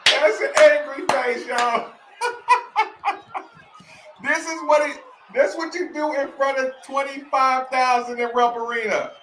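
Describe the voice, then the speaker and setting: Laughing high-voiced man. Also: fairly even intonation, unhurried, long pauses, a bit bright, roomy sound, a little hiss or hum. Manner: laughs often, repeats lines, addresses "y'all". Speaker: host reacting to old game footage. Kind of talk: casual chat.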